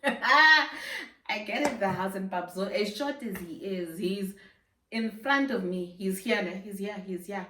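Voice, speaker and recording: Animated young Namibian woman telling a story. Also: medium pitch, moderate pace, far from the mic, slight background noise. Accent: Namibian English. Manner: animated, laughing, slangy storytelling. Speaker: YouTuber. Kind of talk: storytime vlog. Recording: roomy sound, a bit off-mic.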